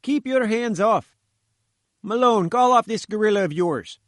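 A man's voice: high voice, animated, measured pace, no room sound, studio quality, voice pushed up. A man putting on a bleating, sputtering little journalist. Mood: pleading. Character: fat little pushy male journalist.

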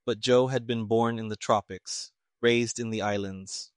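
Measured male story narrator, dry sound. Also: fairly low pitch, steady tone, clean tone, no room sound.

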